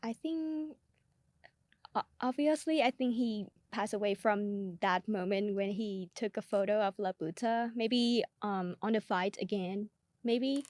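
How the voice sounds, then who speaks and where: A woman's voice: mid-range voice, unhurried, a little mellow, dry recording. A woman co-hosting a podcast, chatting casually about a film, hesitant and searching for words, often laughing. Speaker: podcast co-host.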